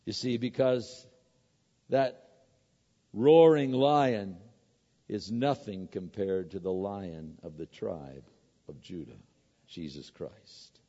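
A man's voice: on the low side, slow pace, pauses often, mellow. A man preaching a sermon, emphatic and repetitive, asking rhetorical questions and answering them. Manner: emphatic, repeats words, asks rhetorical questions. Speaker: pastor. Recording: echoey hall, dull lo-fi sound.

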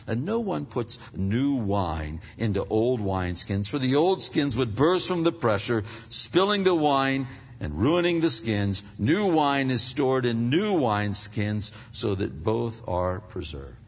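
Older male pastor, rough husky voice, chatty sermon that rises loud then drops hushed, dull recording in a big church. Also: medium pitch, very animated, measured pace. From Pennsylvania, United States. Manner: conversational preaching, swings from loud to hushed. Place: large church sanctuary. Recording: dull reverberant hall sound.

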